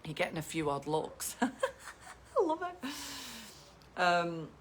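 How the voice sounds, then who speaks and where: A woman's voice: mid-range voice, sing-song, extremely slow, slightly rough. A woman teaching photography business, talking in a chatty, enthusiastic way and acting out example client conversations. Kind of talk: casual teaching talk with role-play examples.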